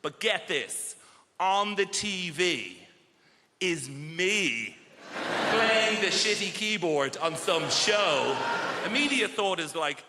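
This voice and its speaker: A man performing animated stand-up comedy, acting out quoted voices as he tells stories on a theatre stage. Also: sits high, slow, background noise. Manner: animated storytelling with acted-out quotes. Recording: echoey theatre, loud crowd laughter.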